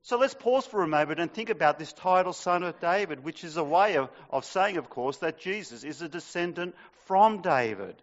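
A man's voice: on the high side, expressive, normal speed, few pauses. Man preaching in a reverberant church. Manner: dramatic, rises loud on quoted cries. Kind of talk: sermon with scripture reading. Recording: dull sound in a long-reverb hall.

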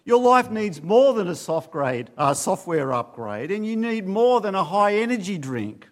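A man preaching a sermon, swinging between loud urging and low, hushed warnings. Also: sing-song, moderate pace. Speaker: pastor.

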